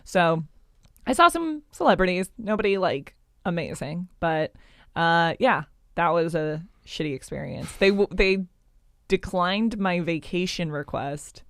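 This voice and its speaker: A woman chatting as a podcast guest, talking freely with lots of "like" and quick asides. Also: lowish voice, animated, fairly bright tone, no echo, clean studio sound. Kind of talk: casual podcast chat.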